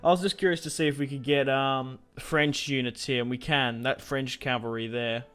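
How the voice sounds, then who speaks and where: Smooth-voiced man thinking aloud over gameplay. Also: medium pitch, steady tone, normal speed, fairly bright tone. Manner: thinks aloud, rambling with fillers. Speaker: gaming YouTuber. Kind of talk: casual gameplay commentary.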